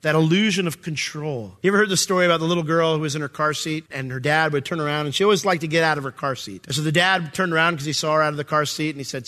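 A man's voice: fairly high pitch, fast, bright, forceful tone. A male pastor preaching a sermon in a conversational way, reading scripture aloud and asking rhetorical questions.

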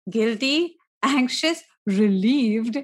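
A woman co-hosting a podcast in casual chat, candid and quick to laugh. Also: on the high side, expressive. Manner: chatty, laughs easily, candid. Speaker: podcast co-host.

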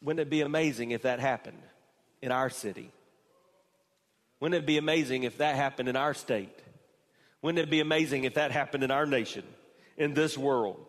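A man preaching a sermon as pastor, moving from slow, quiet phrasing to raised, emphatic delivery. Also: mid-range voice, long reverb tail.

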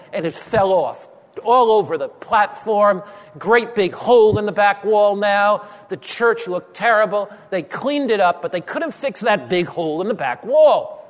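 High-voiced male preacher telling a story. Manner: dramatic pauses, slowing on key phrases. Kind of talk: sermon storytelling. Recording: long hall reverb.

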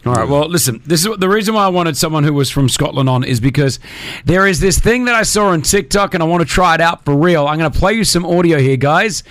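Male breakfast radio host, slightly higher voice, playful and teasing, dry studio sound. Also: no echo. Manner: lively, teasing, quick to laugh.

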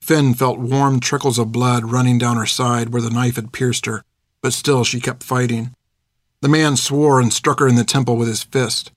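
Male audiobook narrator, mid-pitched, steady and measured, close dry studio sound. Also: no echo. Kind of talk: scripted narration.

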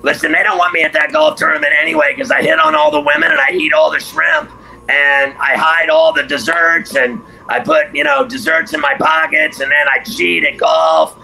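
A man's voice: high-pitched, big pitch swings, normal speed, creaky, pushed and bright, a little hiss or hum, rough recording. A man chatting casually as a radio co-host, joking and boisterous, teasing his friend. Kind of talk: casual chat.

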